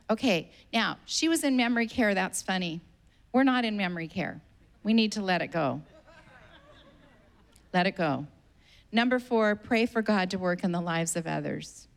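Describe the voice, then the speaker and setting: Female pastor preaching, mid-pitched voice, emphatic and repeating herself for stress. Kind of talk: sermon.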